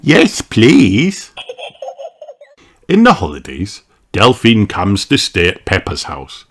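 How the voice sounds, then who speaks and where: A reader narrating a children's picture book aloud, slowly and expressively. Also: deep voice, slight background noise. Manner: slow, very lively storytelling. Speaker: storybook reader.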